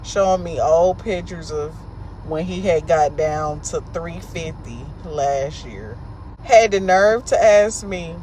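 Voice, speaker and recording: A woman vlog host telling the story of a bad date in a blunt, profane, animated way, recorded inside a car. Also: on the low side, slow, a little hiss or hum.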